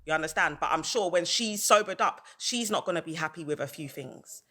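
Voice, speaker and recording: A woman's voice: fairly low pitch, animated, brisk, pushed and bright. A woman ranting on a livestream, heated and repetitive, hammering her points over and over. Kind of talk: livestream rant.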